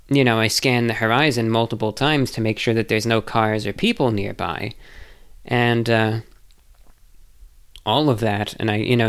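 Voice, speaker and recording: A man's voice: medium pitch, clean tone. A man answering viewer questions in a casual, rambling monologue, hesitant and self-reflective.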